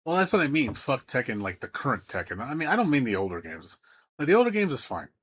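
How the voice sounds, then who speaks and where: A man's voice: medium pitch, big pitch swings, fast talker, a bit bright, husky. A man streaming games, ranting in a heated, profane way with lots of stammering restarts. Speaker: game streamer. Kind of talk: live-stream rant.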